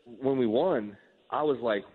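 A middle-aged man, a former relief pitcher, telling a story in a casual interview and acting out the quoted dialogue as he goes. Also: unhurried, breathy edge. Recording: tinny phone-line sound.

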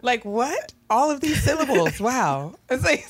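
A podcast co-host in casual chat, animated, laughing and repeating words for fun. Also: high-pitched, a little slow, slightly rough, dry recording.

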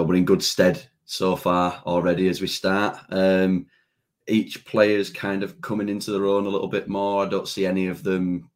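Deep-voiced man chatting about football. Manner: easygoing, hedging with "you know" and "to be fair". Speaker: podcast co-host. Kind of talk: casual football podcast chat.

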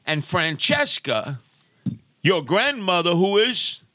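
Lively middle-aged New radio host. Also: male voice, high voice, slow pace, no room sound. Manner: showy broadcaster patter. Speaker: podcast host, father. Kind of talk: casual radio-style chat.

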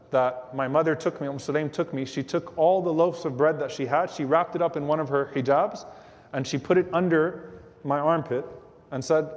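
A man with a somewhat high-pitched voice tells a story to an audience in a religious lecture. He brings it to life by slipping into the voices of the people he quotes. His words carry a long reverb from a large hall. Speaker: Islamic lecturer.

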